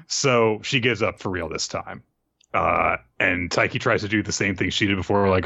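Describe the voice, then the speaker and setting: A man co-hosting a casual podcast, recapping manga chapters with lively impressions of the characters. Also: vocal fry, husky, dry recording, highs cut off. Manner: animated, jumps into quick high voices for quoted characters. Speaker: podcast co-host.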